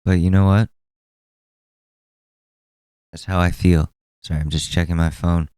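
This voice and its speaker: A young man in his twenties talks through a solo podcast episode in a loose, rambling way, swearing often and sounding fed up. His voice sits a little low and comes across smooth and mellow. The sound is close and dry. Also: steady tone, a little slow, dry recording. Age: 20s. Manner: rambling, exasperated, profane. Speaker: podcast host. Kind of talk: casual solo commentary.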